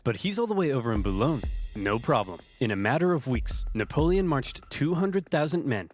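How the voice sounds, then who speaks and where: A man giving brisk, punchy, scripted comedic narration for a history cartoon. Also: medium pitch, big pitch swings, faint music behind.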